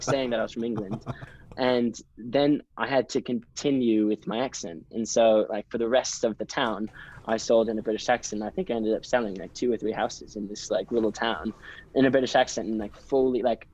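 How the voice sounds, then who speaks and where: A man's voice: medium pitch, fairly even intonation, a little fast, darkish tone, highs cut off. A young man telling stories as a guest in a casual podcast interview, in an enthusiastic, chatty way. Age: young adult.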